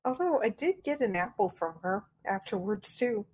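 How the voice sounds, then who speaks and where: A woman playing a tabletop game, chatting about her character in a relaxed, casual way. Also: medium pitch, normal speed, husky, rough recording. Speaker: player. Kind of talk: casual tabletop role-play.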